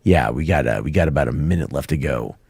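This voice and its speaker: A man co-hosting a casual movie talk show over a call, crude and joking while sick and hoarse. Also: very deep voice, quick pace, a little mellow. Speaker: co-host. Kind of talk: casual banter.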